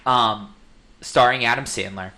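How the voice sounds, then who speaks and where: A man hosting a casual movie podcast, relaxed and joking as he steers the talk. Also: medium pitch, measured pace. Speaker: podcast host. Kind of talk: casual film chat.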